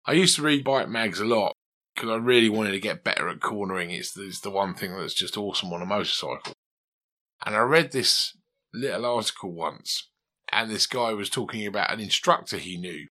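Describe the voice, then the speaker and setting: A man's voice: lowish voice, expressive, a little fast, bright, forceful tone. A man teaching a guitar lesson, chatting and asking his student questions as he coaches. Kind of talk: conversational one-to-one lesson.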